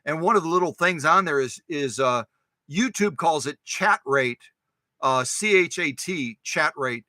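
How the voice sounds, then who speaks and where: A man's voice: a little high, unhurried, no room sound. A man hosting a live stream, chatting casually and joking with his viewers. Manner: animated, exclaiming and joking with viewers. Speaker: host of a sewing machine live stream.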